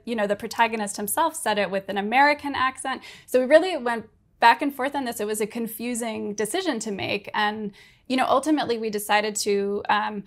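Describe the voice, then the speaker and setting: A woman podcast producer speaks on a panel at a medium pitch. She explains her points thoughtfully, with fillers and restarts as she goes. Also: fairly bright tone. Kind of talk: panel discussion.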